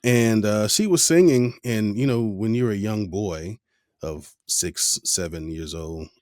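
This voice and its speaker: A man's voice: lowish voice, unhurried, a little mellow, dry recording, studio quality. A man hosting a podcast interview, talking in a laid-back, reflective way. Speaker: podcast host. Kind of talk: casual interview chat.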